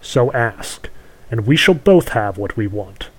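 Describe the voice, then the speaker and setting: A man's voice: mid-range voice, lively intonation, takes it slowly, slightly rough, low-quality recording. A man putting on a cruel gloating witch. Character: cruel scheming female witch, ageless.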